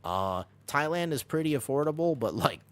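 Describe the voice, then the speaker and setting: A man live-streaming a video game, talking quickly and casually over the action as he guides his team and answers chat from his home streaming room. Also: fairly high pitch, big pitch swings, clear, resonant tone. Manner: talks fast over gameplay, jumps between coaching and chatting. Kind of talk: live gameplay commentary and chat.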